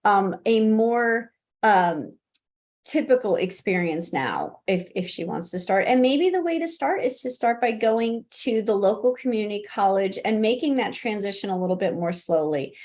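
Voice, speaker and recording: A middle-aged woman with a medium-pitched, darkish, animated voice speaks at a moderate pace. Answering interview questions as a college disability services expert, she talks conversationally, with many restarts and fillers, and laughs easily.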